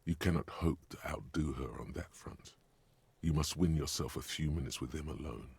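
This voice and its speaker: Super deep husky game narrator in your head, grim and pushy. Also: male voice, moderate pace, darkish tone, no echo, full character voice. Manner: grim, urgent second-person coaching. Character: gravelly inner-voice narrator of a detective game. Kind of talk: game voice acting.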